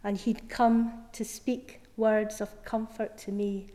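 A middle-aged woman preacher giving an Easter sermon, telling her story earnestly with soft, emphatic repetitions. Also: mid-range voice, level tone, takes it slowly, in a large hall. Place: church.

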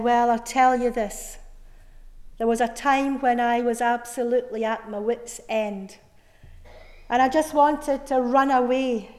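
A middle-aged woman preaches an Easter sermon at an unhurried pace, her voice sitting slightly high. She tells her story earnestly, often sinking soft on repeated words, and a long reverb hangs in the church.

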